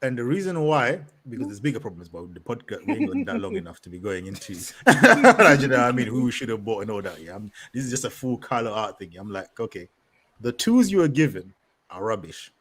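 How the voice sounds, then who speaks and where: A man's voice: lowish voice, fast talker, hardly any pauses. A young man co-hosting a football podcast, ranting in slang, laughing often and talking at length. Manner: animated, laughing, street slang, rants at length. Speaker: podcast co-host. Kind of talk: casual football podcast rant.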